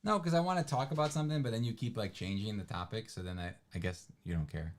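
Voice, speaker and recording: Low-voiced man rambling on a livestream. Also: fast. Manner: rambling, self-deprecating, trails off with fillers. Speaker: livestream co-host. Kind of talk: casual chat.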